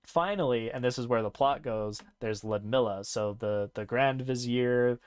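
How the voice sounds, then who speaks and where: A man's voice: medium pitch, moderate pace, clean tone. A man hosting a podcast in casual chat, animatedly retelling a story and acting out its characters. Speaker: podcast host.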